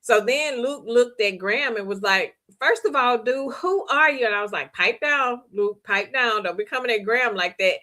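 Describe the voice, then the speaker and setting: Book club host: a woman, chatty and animated, on the higher side with a bright, forceful tone. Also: a little fast, few pauses. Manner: chatty and animated, laughs often, reads viewer comments aloud. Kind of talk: casual book discussion recap.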